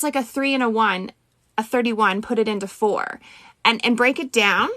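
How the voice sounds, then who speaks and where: Soothing bright-voiced woman reading cards. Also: fairly high pitch, dry recording. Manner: soothing, affectionate, greets chat viewers by name. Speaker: intuitive healer giving a card reading. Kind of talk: live stream collective card reading. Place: home, live phone stream.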